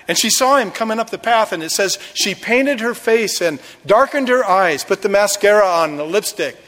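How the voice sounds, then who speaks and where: A man's voice: high-pitched, a bit bright, long reverb tail. A male pastor preaching a sermon, retelling a story dramatically with acted quotes.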